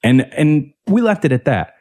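A man on a podcast tells a heated personal story, swearing freely and slipping into other voices for the people he quotes. His voice sits a touch high for a man and swings through a wide, lively pitch range. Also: normal speed. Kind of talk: casual storytelling chat.

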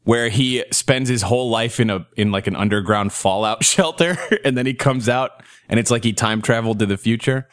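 A man's voice: mid-range voice, brisk, hardly any pauses, fairly bright tone, no room sound, clean studio sound. A man in his thirties hosting a casual comedy podcast, joking crudely and laughing often. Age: 30s. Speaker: podcast host.

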